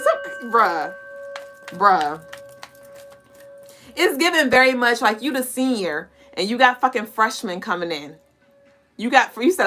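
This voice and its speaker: A woman's voice: high voice, expressive, moderate pace, bright, forceful tone, soft background music. A woman hosting a casual collective intuitive reading, talking bluntly and animatedly to listeners, with plenty of cursing and laughter. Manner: addresses listeners directly as y'all and collective. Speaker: spiritual reader and podcast host.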